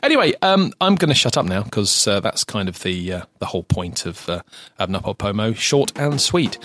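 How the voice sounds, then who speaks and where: A man's voice: lowish voice, very animated, moderate pace, hardly any pauses, over music. Chatty southern English man hosting a podcast. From south of England. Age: adult, lived ten years in current home. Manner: chatty, hesitant with many restarts. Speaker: podcast host. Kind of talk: casual podcast chat.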